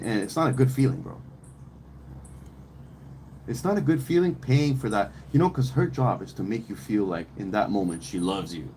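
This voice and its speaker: A man's voice: on the low side, a little mellow, slight background noise, rough recording. A man talking on a podcast in a casual, opinionated way, rambling and emphatic, with plenty of slang, swearing and restarts. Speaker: podcast host.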